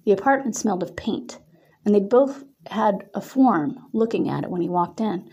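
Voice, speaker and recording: Woman author narrating her own erotic story, mellow, steady delivery. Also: medium pitch, normal speed, husky. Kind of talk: reading an erotic story aloud.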